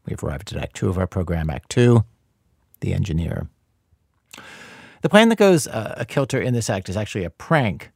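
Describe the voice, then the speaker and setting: A man hosting a radio documentary show, delivering scripted narration in a measured, dry, conversational way. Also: on the low side, a little mellow, no echo.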